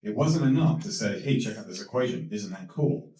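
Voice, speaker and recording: A man as a guest speaker at a talk, telling a story with lots of energy, laughing and repeating words as he gets excited. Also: on the low side, brisk. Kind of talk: animated storytelling in a Q&A. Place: lecture hall. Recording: echoey hall, mic from a distance.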